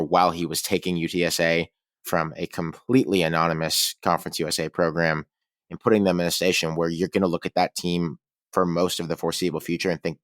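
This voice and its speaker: Deep-voiced man hosting a sports podcast. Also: a bit bright, dry recording, studio quality. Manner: conversational, reads sponsor reads with enthusiasm. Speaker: podcast co-host. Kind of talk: casual sports podcast talk.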